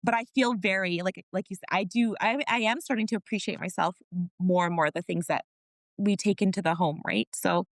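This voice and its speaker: A woman's voice: mid-range voice, steady tone, a little fast, no echo. A woman guest on a podcast, a mother of four, telling her story candidly and earnestly, laughing often and restarting sentences.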